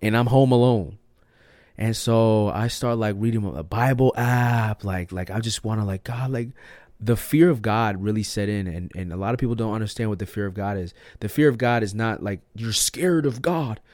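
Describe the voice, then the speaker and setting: Young male podcast host, low-pitched, dry close sound, slangy, shifts from hushed to fired up. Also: moderate pace, no room sound. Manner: slangy and emphatic, says "bro" and "like" a lot; swings from hushed to loud and excited. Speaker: podcast host sharing his testimony. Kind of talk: casual personal testimony.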